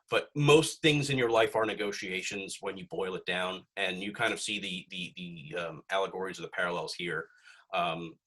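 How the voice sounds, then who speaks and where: Young guy on a podcast, husky but bright voice, rambly and swears a lot. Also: lowish voice. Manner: rambling, profane, filler-heavy. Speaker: podcast host. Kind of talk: casual podcast chat.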